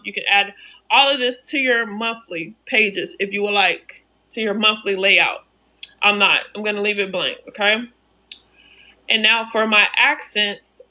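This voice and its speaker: Female live-stream tutorial host, crisp bright tone, chatty, talks through every click and answers chat. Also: medium pitch. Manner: narrates each click, repeats steps, answers chat. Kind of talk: casual live-stream software walkthrough.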